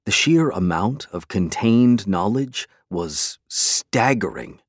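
A man narrating a fantasy novel in a steady, measured storytelling manner. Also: lowish voice, dry recording, studio quality. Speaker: audiobook narrator.

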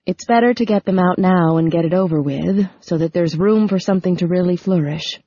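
A woman voicing Phoebe, a grown daughter speaking calmly and dryly in an audiobook. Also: on the low side, a little fast, breathy edge, highs cut off. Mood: restrained. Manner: dry, controlled, quietly firm.

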